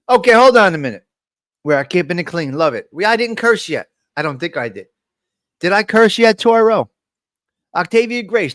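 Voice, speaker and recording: A man's voice: high voice, a bit bright, dry recording, clean studio sound. A man hosting a casual live stream, joking loosely and calling out his chat viewers by name. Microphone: desk microphone.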